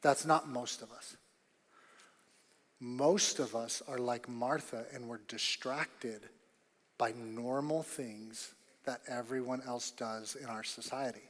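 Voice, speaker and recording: A man preaching a sermon as pastor, emphatic and repetitive, rising to loud bursts on key points. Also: medium pitch, steady tone, takes it slowly, in a large hall. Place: church auditorium.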